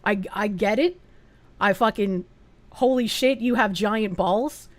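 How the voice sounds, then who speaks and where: A woman's voice: mid-range voice, slow, no room sound. A woman streamer giving casual, earnest reaction commentary and swearing now and then.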